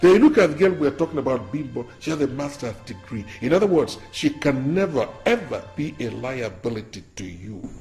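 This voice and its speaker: A man's voice: medium pitch, big pitch swings, fairly quick, few pauses, a little mellow, soft background music. An actor with a Nigerian accent playing a stern father who lectures his son about marriage, in a film. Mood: insistent. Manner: insistent, lecturing. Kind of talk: Nollywood film acting.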